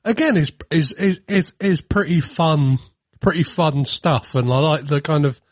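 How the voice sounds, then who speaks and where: A man hosting a podcast, chatting casually with lively restarts and stammers, slipping into mocking silly voices. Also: on the high side, a little slow, dry recording, muffled recording. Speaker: podcast host. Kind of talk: casual chat.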